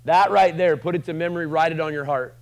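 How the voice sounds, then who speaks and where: A man with a slightly higher voice preaches a sermon to a live room. He talks casually and jokes, then builds to loud, passionate runs before dropping to quiet asides. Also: fast talker, creaky, low-quality recording. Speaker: pastor.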